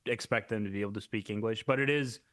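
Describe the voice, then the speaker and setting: A man's voice: on the low side, fast talker, a bit bright, no echo, studio quality. A man co-hosting a podcast, chatting loosely and jokingly and swearing freely. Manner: loose, swearing, playful with quoted voices. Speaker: podcast co-host. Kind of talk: casual comedy chat.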